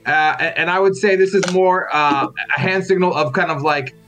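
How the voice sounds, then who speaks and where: A man's voice: sits high, moderate pace, pushed and bright. A man playing in a tabletop role-playing game, rambling and searching for words as he explains a custom. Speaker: player. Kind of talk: tabletop role-play chat.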